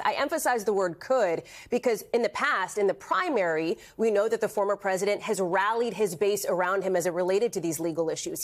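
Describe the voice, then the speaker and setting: A woman's voice: medium pitch, a little mellow. A woman giving live political analysis as a news correspondent in the studio, emphatic and analytical.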